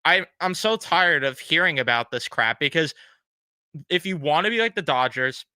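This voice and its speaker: A man's voice: a little high, animated, normal speed, pushed and bright, clean tone, no echo. A man co-hosting a casual sports podcast, blunt and exasperated, swearing freely. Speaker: podcast co-host.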